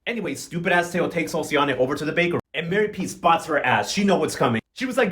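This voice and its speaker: A man's voice: sits high, very animated, a bit bright. A man recapping a soap opera in a casual, sassy, dramatic way, speaking with slang. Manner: sassy, dramatic, quick slangy gossip with playful cursing. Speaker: recap host. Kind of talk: casual comedic recap vlog.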